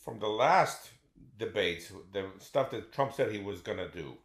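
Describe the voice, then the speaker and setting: Male co-host with a lowish voice, asks short questions, echoey room. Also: expressive, measured pace, fairly bright tone. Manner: brief prompts and questions. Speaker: podcast co-host. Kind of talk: casual political chat.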